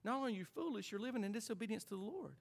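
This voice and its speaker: High-voiced emphatic preacher man. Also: racing, vocal fry. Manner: emphatic, rhetorical questions, animated swings in pitch. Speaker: pastor. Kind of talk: sermon.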